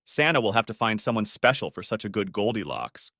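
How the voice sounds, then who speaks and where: A man putting on a loud, hearty Santa voice, jovial and playful. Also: fairly low pitch, big pitch swings, brisk, no echo, studio quality, heavily acted. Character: jolly booming Santa, playful grown man.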